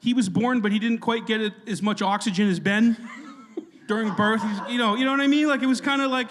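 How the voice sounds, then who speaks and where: A man's voice: sits high, animated, brisk. A man in his thirties co-hosting a live comedy podcast on stage, riffing jokily and self-deprecatingly with the crowd. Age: 30s. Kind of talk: live stand-up banter. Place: legion hall stage before a live audience. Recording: long hall reverb.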